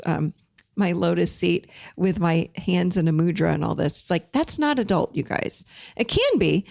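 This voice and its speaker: A woman's voice: lowish voice, creaky, darkish tone, no room sound. Emphatic woman host, dry close sound. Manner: emphatic, repeats key phrases for weight. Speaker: podcast host and teacher. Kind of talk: casual talk to listeners.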